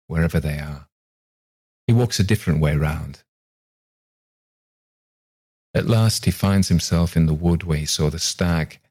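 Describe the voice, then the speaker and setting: A man reading a ghost story aloud in a calm, measured way. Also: sits low, slightly rough. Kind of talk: scripted narration of a ghost story.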